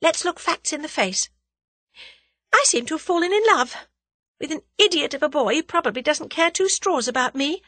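A woman doing a plucky young heroine, high and emotional. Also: lively intonation, moderate pace, pushed and bright, dry recording. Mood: self-scolding. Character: spirited young woman, plucky and self-scolding. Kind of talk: audiobook character reading.

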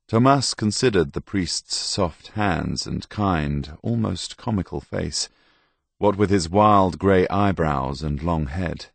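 A man narrating an audiobook in a very deep voice with a gravelly edge. His storytelling is measured and deliberate, taken at a slow pace. The recording is dry and close. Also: dry recording. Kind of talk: scripted narration.

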